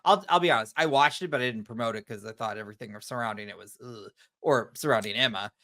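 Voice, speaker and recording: Fast, bright, and forceful, a man's mid-range voice gushes through casual chat as a horror podcast co-host. He sprinkles in slangy asides.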